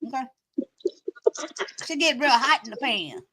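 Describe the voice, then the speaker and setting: A woman's voice: high voice, expressive, unhurried, pushed and bright, no echo, studio quality. A woman hosting a casual live chat, blunt and teasing, giving motherly advice.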